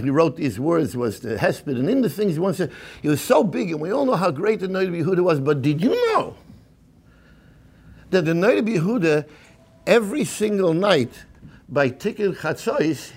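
A man's voice: fairly high pitch, breathy edge. A man giving an impassioned sermon-style lecture at a community program, often stammering and restarting, with many Hebrew and Yiddish terms.

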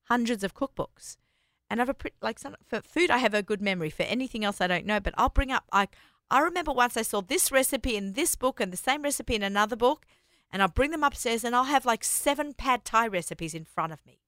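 A woman co-hosting a casual chat about writing her cookbook, telling stories in an animated way with many restarts. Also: fairly high pitch, a little fast, no echo, clean studio sound. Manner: chatty, animated storytelling with restarts. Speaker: cookbook author and co-host.

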